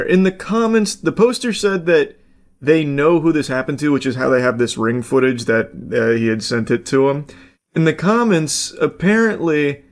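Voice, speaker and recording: A man reacting to a clip in casual, rambling commentary, swearing freely and filling gaps with "like" and "uh". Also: fairly high pitch. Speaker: commentary YouTuber.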